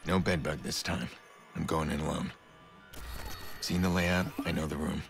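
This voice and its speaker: A man voicing a brooding male vigilante hacker in a video game, speaking in low, clipped, gravelly lines. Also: level tone, moderate pace, soft background music. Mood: grim.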